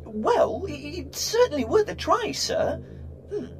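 A timid, stammering robot engineer in a comedy audio play, polite and hesitant. His squeaky voice sits extremely high and leaps wildly, with faint music behind it. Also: huge pitch swings, a little slow, exaggerated voice.

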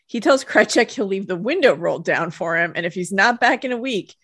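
A woman's voice: mid-range voice, expressive, a little fast, fairly bright tone, no room sound, studio quality. Easygoing woman recapping with wry asides. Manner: easygoing narrating, laughs often, wry asides. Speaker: podcast co-host. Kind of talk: casual chat recapping a TV episode.

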